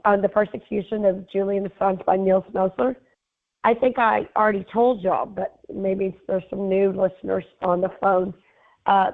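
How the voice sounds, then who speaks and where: A woman from Texas with a hoarse, raspy voice, calling in to a show and talking earnestly with many fillers. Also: mid-range voice. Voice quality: raspy, smoker-like. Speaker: caller. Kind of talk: casual phone call-in chat. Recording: tinny phone line.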